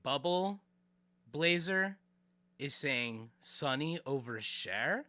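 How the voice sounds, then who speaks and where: A man's voice: medium pitch, drawn-out words, dry recording. A man streaming live, chatting casually with his viewers as he reacts to a clip. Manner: animated, chatty, talks to chat.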